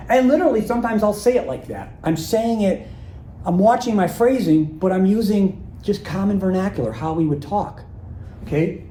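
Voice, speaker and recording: Man, sales trainer, high voice, mellow tone, echoey room, faint background noise. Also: expressive, normal speed. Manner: conversational, acts out sample calls and emails. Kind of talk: live workshop talk.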